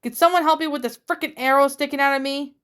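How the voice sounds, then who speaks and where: A woman's voice: high voice, quick pace, fairly bright tone, voice pushed up. Woman reading as a hot-headed, cursing young man. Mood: defensive. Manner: snapping, cursing. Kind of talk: fan fiction reading.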